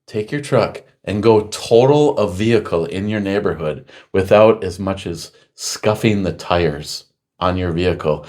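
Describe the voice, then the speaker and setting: A middle-aged man hosting a casual chat show, rambling through stories and loudly acting out what people said. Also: lowish voice. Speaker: podcast host.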